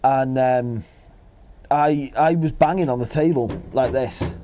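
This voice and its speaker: Young man, Welsh accent, podcast co-host, casual chat, rambling storyteller, mellow dark tone. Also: mid-range voice, unhurried. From Wales. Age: young adult. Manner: rambling, chatty anecdote-telling.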